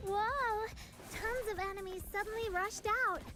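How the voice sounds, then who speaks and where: A monotone young researcher girl, pitched extremely high, game score up front. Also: measured pace. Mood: flat. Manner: flat, monotone delivery. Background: game music.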